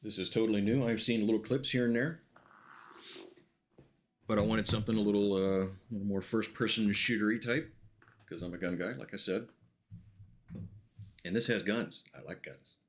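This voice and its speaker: A man's voice: fairly low pitch, steady tone, normal speed, long pauses. A chatty, jokey man streaming a video game, giving casual commentary. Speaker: gaming streamer. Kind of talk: casual let's-play commentary.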